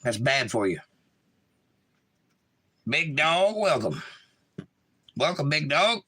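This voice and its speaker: A man's voice: fairly high pitch, very animated, takes it slowly, bright, forceful tone, slightly rough. A man hosting a casual livestream, greeting chatters by name and reading their comments aloud. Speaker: livestream host. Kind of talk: casual chat reading out live chat, with singing to guitar.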